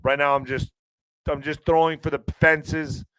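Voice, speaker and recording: A man's voice: fairly high pitch, little pitch movement, a bit bright, smooth, dry recording, low-quality recording. Weary, earnest man hosting a livestream. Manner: rambling, earnest, halting with restarts. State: emotionally strained and weary. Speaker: livestream podcast host. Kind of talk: casual livestream chat reading viewer comments.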